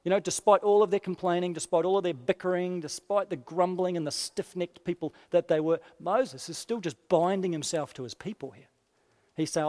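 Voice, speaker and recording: A man preaching a sermon expressively, dropping quiet and low for quoted lines. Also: a little fast. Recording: long hall reverb.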